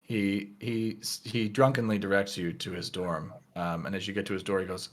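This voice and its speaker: A man narrating as game master of a tabletop game, relaxed and full of fillers. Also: deep voice, normal speed, hardly any pauses.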